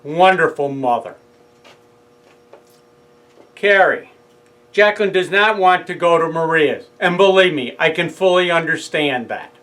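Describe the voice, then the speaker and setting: A man's voice: on the high side, unhurried, pauses often, fairly bright tone, poor audio. A middle-aged man with a New York accent, telling his story in a casual monologue and acting out both sides of a heated phone argument. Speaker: speaker recounting a legal case.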